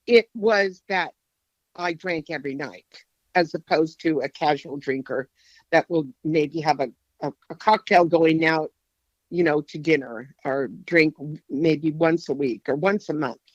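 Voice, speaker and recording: A middle-aged woman answering interview questions candidly, reflective and halting, with frequent restarts. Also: low voice, no echo, muffled recording. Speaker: guest sharing her testimony.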